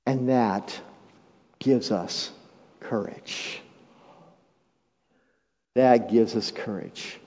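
A male pastor preaching a sermon, swinging from hushed, drawn-out phrases to raised, urgent appeals and calling on the congregation to repeat lines after him. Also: medium pitch. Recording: dull, lo-fi sound with long hall reverb.

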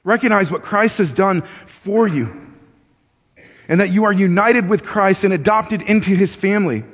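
Preaching at a moderate pace, a male pastor with a high, slightly rough voice keeps his sermon conversational, repeating words as he thinks aloud. He lifts his voice when acting out urgent appeals. The recording sounds dull and muffled, carrying a big church hall's long reverb.

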